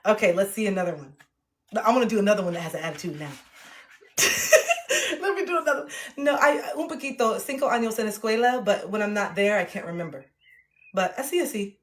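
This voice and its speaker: A woman's voice: mid-range voice, expressive. A woman livestreaming, chatting casually with her viewers and reading passages aloud from her own self-help book, playful and sassy. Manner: playful and sassy, with frequent laughter and drawn-out self-talk.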